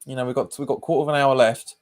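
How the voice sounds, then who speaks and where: A man's voice: medium pitch, fairly even intonation, racing. Chatty man doing live match commentary. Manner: casual, chatty, trails off mid-sentence and repeats himself. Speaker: football watch-along streamer.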